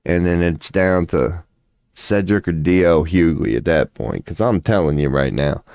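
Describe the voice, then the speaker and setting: Low-voiced man on a profane rant. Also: moderate pace, no room sound, studio quality. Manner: profane, rambling, excitable. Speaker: streamer offering tarot readings. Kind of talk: casual livestream rant.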